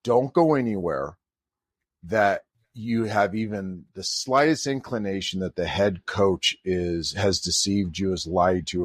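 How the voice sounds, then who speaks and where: This middle-aged head coach of a college volleyball team has a lowish voice with a breathy edge. Recorded cleanly in a studio with no echo, he tells a podcast story with animation, acting out each quoted person.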